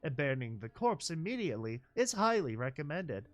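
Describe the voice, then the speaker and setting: Man doing a literal computer voice: clipped, flat delivery, no warmth; storybook reading. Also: fairly high pitch, a little fast. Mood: mechanical. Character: automated machine voice, literal, blunt.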